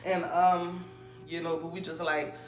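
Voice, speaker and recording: A young woman casually telling a storytime, animated and acting out the people she quotes. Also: fairly low pitch, unhurried, echoey room, soft background music. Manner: animated, acts out quoted people in raised voices. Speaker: storytime vlogger.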